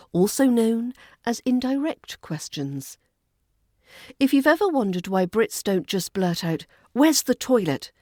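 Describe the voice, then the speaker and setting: A woman with a Southern English RP accent gives a scripted podcast lesson, speaking slowly and with care. Her tone is mellow and polite. The recording is dry and close, with no room sound. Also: medium pitch, dry recording. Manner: clear, measured, polite teaching delivery. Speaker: British accent coach and podcast host.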